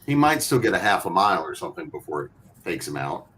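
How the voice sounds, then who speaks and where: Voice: deep voice, very animated, fast, fairly bright tone. A tabletop game player talking in an offhand, joking manner. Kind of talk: casual tabletop chat.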